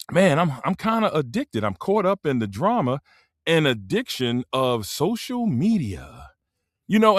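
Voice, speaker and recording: A man hosting a casual live stream, talking in a laid-back, rambling way into a simple microphone, often clearing his throat. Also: mid-range voice, a bit bright, dry recording, studio quality.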